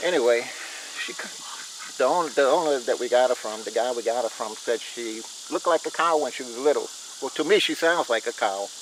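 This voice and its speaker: A man's voice: mid-range voice, fairly quick, low-quality recording. A man chatting casually to his viewers on a homestead vlog, folksy and plain-spoken, recorded outdoors. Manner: folksy, talks straight to viewers as "y'all" and "guys". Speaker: homestead vlogger. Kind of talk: casual chat to camera. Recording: loud outdoor noise with crickets and insects.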